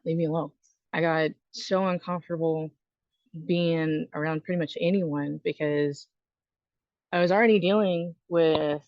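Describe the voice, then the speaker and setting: A woman's voice: low-pitched, no room sound. A woman who is a Navy veteran speaks as a podcast guest, telling a personal story in a frank, conversational way with fillers and restarts. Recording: dull lo-fi dry recording.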